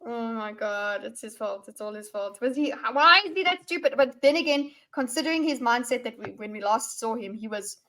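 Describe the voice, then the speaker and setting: A woman co-hosting a book discussion, reacting excitably and laughing often. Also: a little high, a little fast, hardly any pauses. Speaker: podcast co-host.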